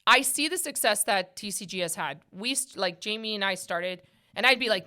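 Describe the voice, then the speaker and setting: A middle-aged woman hosting a podcast in casual chat, animated and quick to laugh, acting out quoted conversations. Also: medium pitch. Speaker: podcast host.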